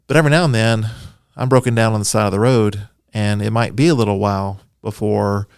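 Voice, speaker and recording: Low, smooth-voiced man explaining eagerly. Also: steady tone, a little fast, no room sound, clean studio sound. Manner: enthusiastic, explanatory, self-deprecating. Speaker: Bible scholar guest. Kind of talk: conversational podcast interview.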